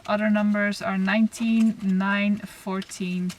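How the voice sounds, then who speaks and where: A woman giving a spiritual oracle card reading to camera, talking softly and reflectively, with pauses and restarts. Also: medium pitch, steady tone. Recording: slightly distant mic, faint noise.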